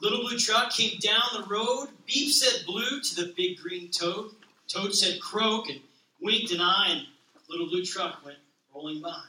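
A man, a pastor, reading a children's picture book aloud with lively expression, then talking casually to open a sermon. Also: high voice, a little slow, reverberant, distant mic, a little hiss or hum, rough recording.

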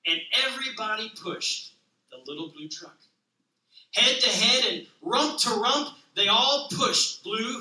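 A man, a pastor, reading a children's picture book aloud with lively expression, then talking casually to open a sermon. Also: sits high, echoey room, recorded from a distance, rough recording.

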